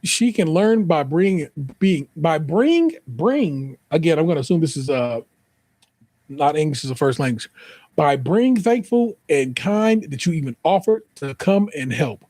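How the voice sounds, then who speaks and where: A man's voice: on the high side, animated, unhurried, dark tone, no echo. A man with an American accent reading an online post aloud, then joking through profane commentary and spelling out the typos. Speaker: podcast host.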